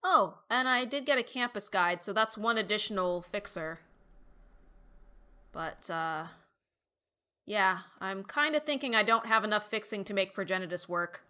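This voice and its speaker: A woman's voice: medium pitch, lively intonation, normal speed, bright, forceful tone. A woman streamer chatting casually with viewers, thinking aloud and reading out chat between fillers. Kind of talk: casual live-stream chat while deckbuilding.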